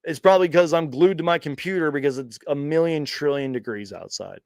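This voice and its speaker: A man's voice: on the high side, brisk, vocal fry, a little mellow, no room sound, clean studio sound. A man hosting a casual live question-and-answer stream, chatty and rambling, often restarting sentences and laughing along. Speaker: host of a fan live stream.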